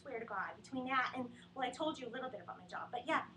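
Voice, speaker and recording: Rambling, high-voiced woman comedian. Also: expressive, rapid-fire, bright, forceful tone, a little hiss or hum. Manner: rambling, self-deprecating, anxious. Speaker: stand-up comedian. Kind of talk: stand-up comedy set. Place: small TV studio. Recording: roomy sound from a distant webcam mic.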